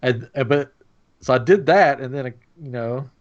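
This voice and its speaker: A chatty man telling a story to his co-hosts, laughing easily along the way. His voice sits at an ordinary pitch, and the live stream audio sounds a little dull and lo-fi. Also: moderate pace. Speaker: podcast co-host. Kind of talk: casual chat.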